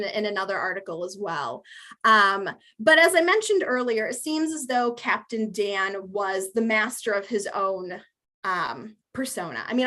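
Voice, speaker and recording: A woman's voice: medium pitch, sharp tone. A woman giving a museum lecture on local history, chatty and amused, with many fillers. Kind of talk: public history talk with slides.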